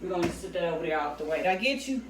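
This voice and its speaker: A woman's voice: fairly low pitch, lively intonation, rapid-fire. A young woman chats casually while she cooks at home with her daughter. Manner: casual, talks to viewers as "y'all" while correcting her child. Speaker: vlogger cooking with her daughter. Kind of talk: casual home cooking vlog chat. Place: home kitchen. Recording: echoey room with clear noise.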